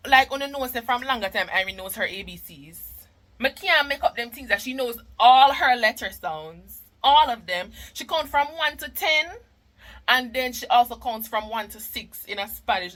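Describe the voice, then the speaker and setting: A woman's voice: on the high side, sharp tone, rough recording. A Jamaican woman and mother chatting casually in a vlog, emotional and talkative, mixing patois with English. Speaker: mother and vlogger.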